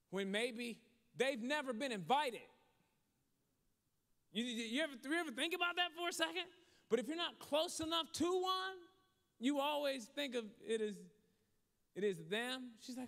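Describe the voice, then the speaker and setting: A man telling a story as a motivational speaker, shifting from animated to hushed. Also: high voice. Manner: animated storytelling that drops to a hushed voice for serious moments. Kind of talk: storytelling sermon. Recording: long hall reverb.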